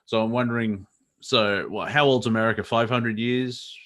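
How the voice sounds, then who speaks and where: A man's voice: medium pitch, fairly even intonation, normal speed, a bit bright. A man co-hosting a casual comedy show, rambling and irreverent, often breaking into laughter mid-sentence. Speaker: co-host.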